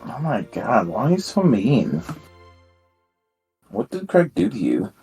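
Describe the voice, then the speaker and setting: A man with a low voice describes what his character does in a tabletop game. He speaks very slowly and haltingly, leaning on fillers. Faint music plays behind him. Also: sing-song, mellow, husky. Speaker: player.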